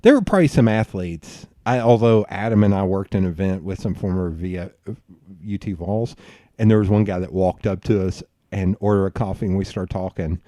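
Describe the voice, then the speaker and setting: A man hosting a podcast, telling rambling stories in a loose, profane, animated way. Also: deep voice, moderate pace, dry recording, clean studio sound. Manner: animated, profane, rambling storyteller who bursts into laughs. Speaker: podcast host. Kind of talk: casual storytelling chat.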